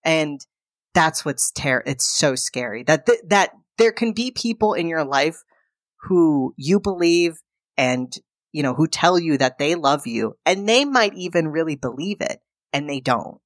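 Podcast co-host, woman, low pitch, animated storyteller voicing characters in passing. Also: measured pace, dry recording, clean studio sound. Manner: animated retelling, acting out characters' lines. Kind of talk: casual chat recapping a film.

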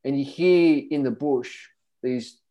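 A man's voice: mid-range voice, takes it slowly, lo-fi sound. A middle-aged man telling running stories in a casual podcast chat, acting out the voices of the people in them. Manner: animated storyteller, acts out voices. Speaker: podcast guest runner.

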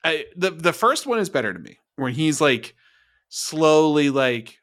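A man's voice: on the high side, very animated, a little slow, fairly bright tone. A male podcast co-host in casual review chat, swearing freely and eagerly acting out scene dialogue. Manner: profane, enthusiastic, acts out scene dialogue.

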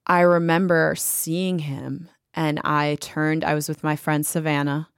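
Woman guest telling a story, chatty, lots of likes, lowish voice, dry close mic. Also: a little slow, clean tone, no echo. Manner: animated, chatty, many fillers. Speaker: interview guest. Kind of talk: casual storytelling.

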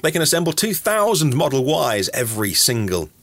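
A man's voice: medium pitch, very animated, a little fast, a bit bright. A man hosting a daily news podcast, reading stories with chatty, ad-libbed asides. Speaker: podcast host.

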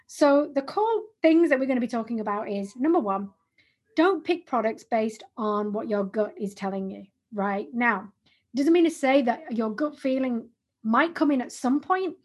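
A chatty woman in her forties talks through a business podcast with a slightly high, husky voice. She is animated and often restarts her phrases mid-thought. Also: moderate pace. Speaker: podcast co-host. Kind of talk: casual business podcast chat.

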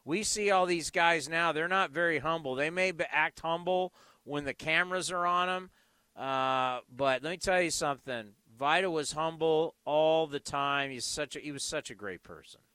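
A man hosting a sports radio show, emphatic and animated, who drops low and soft when he turns sincere. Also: moderate pace, smooth, no echo. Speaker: radio host.

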